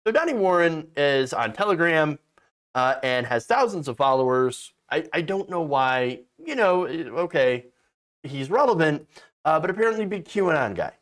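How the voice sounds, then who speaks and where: A man's voice: a little high, big pitch swings, normal speed, fairly bright tone. A man hosting casual political commentary, sarcastic and mocking, often restarting and stammering mid-sentence.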